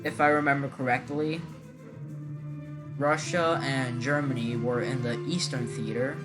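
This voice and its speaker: A man's voice: medium pitch, fairly even intonation, unhurried, music in the background. A man hosting his gaming channel, giving casual, rambling gameplay commentary with many hesitant fillers.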